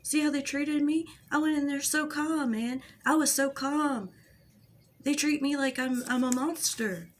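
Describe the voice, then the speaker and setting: A woman's voice: high voice, measured pace, pitched above the performer's own voice. A woman imitating a young man who whines and plays the victim, in an aggrieved, self-pitying tone. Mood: whining. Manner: whiny, aggrieved.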